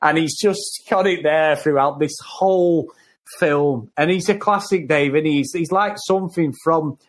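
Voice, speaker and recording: A man with a fairly high voice chats about a film in a loose, excitable way. He rambles from point to point and laughs easily. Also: measured pace. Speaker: podcast co-host. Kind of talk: casual film review chat.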